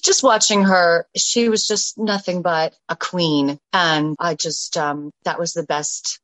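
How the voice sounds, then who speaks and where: A woman's voice: fairly low pitch, steady tone, slow pace, a bit bright, no echo, low-quality recording. A stage actress as an interview guest, chatting effusively and often restarting her phrases. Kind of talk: casual interview chat.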